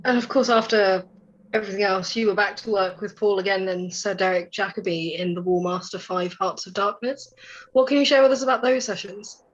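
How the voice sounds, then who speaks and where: A woman's voice: medium pitch, fairly even intonation, a little fast, highs cut off. Woman host asking a question. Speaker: podcast host. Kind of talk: interview question.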